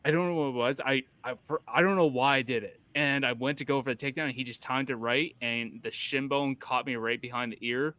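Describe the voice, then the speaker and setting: Smooth, forceful man telling a rambling story. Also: medium pitch, fairly even intonation, brisk, hardly any pauses, no room sound. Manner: rambling storyteller with many restarts. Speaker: podcast host. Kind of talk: casual podcast chat.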